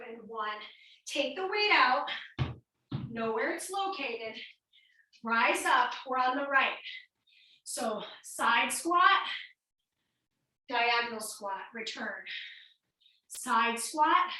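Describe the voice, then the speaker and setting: A high, bright woman's voice coaching a workout class, counting down reps and cueing each move while she exercises along. She sounds a little out of breath, and the sound is very echoey and picked up from a distance across the room. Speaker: fitness instructor.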